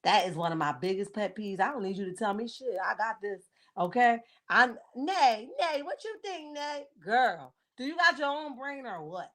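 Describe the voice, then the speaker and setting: A woman's voice: medium pitch, expressive, moderate pace, fairly bright tone. A woman in her forties hosting a casual livestream. She talks bluntly and sassily, greets viewers by name and keeps checking in with "okay?". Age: 40s. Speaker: livestream host. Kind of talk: casual live-chat commentary on reality TV.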